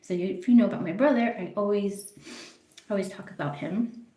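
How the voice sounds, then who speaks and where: A woman telling a casual, rambling story on social media, excited and swearing often, in a busy mall. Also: medium pitch, fairly quick, reverberant. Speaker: vlogger. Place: public place in a busy mall.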